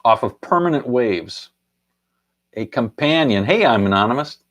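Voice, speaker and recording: A man's voice: mid-range voice, expressive, moderate pace, fairly bright tone. A middle-aged man hosting a casual live stream, chuckling often and half-singing song lines as he reads out viewer answers.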